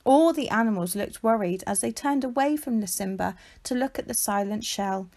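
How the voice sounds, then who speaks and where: Animated woman reading a picture book. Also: fairly high pitch, normal speed. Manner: expressive, animated storytelling. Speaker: teacher reading aloud. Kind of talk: children's picture-book read-aloud.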